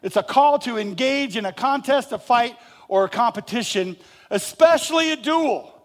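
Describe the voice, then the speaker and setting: A man preaching a sermon, animated and jokey, acting out people's reactions and asking his congregation questions. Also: very high-pitched, moderate pace. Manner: animated, acts out reactions with rising and falling loudness. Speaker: pastor.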